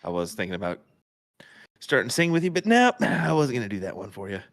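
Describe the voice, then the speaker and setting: A man's voice: medium pitch, big pitch swings, fast, no echo, clean studio sound. A man co-commentating live darts in a laid-back, laughing way, calling his partner bud.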